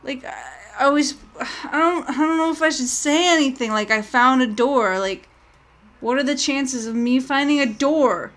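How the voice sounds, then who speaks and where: Woman streamer, high voice, live gameplay commentary, rambling and jumpy. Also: normal speed, a bit bright. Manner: jittery, rambling, often panics and yelps. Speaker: gaming streamer.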